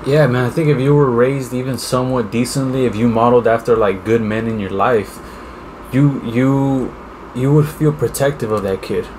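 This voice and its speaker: A man's voice: mid-range voice, steady tone, moderate pace, a little mellow, a little hiss or hum, poor audio. A man co-hosting a casual podcast, speaking in an earnest, reflective way. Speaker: podcast co-host.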